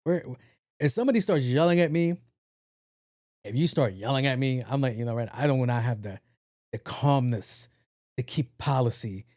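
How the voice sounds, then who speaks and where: A man hosting a podcast in a casual monologue, talking low and evenly, blunt and profane. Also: normal speed, long pauses, no echo, studio quality. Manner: low-key, talks in a low even voice. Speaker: podcast host.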